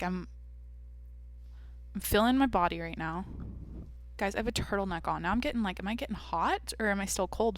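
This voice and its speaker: A woman's voice: mid-range voice, a bit bright, no echo. Brash, foul-mouthed young woman host. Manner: brash, profane, blunt. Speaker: podcast host. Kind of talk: casual solo podcast chat.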